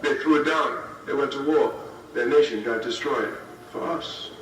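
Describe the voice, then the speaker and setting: A man in his fifties delivers a political speech to students from a distance, his fairly high voice ringing through a roomy hall. He speaks emphatically, hammering points home by repeating them. Faint hiss sits under the old recording. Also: a little fast. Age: 50s. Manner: emphatic, repeats key phrases for effect.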